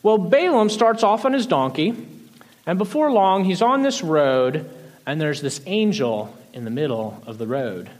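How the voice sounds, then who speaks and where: A man preaching a sermon, retelling a Bible story in a lively, conversational way, often restarting phrases and letting sentences trail off softly. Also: fairly high pitch, unhurried. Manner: animated storytelling, frequent restarts, soft trailing endings. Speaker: pastor.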